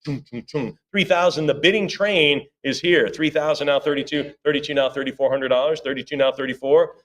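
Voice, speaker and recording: Male auctioneer, live auction calling, rhythmic bid chant, chatty asides, slightly higher voice. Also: steady tone, a little fast, a bit bright.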